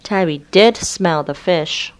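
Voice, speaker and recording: A woman reading a children's storybook aloud in a clear, deliberate way. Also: on the low side, slight background noise. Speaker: storybook reader. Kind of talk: slow read-aloud storybook narration.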